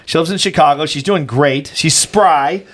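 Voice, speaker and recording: A man's voice: fairly high pitch, moderate pace, fairly bright tone. A man in his fifties co-hosting a podcast, telling a story in a casual, rambling way, full of restarts and "you know". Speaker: podcast co-host.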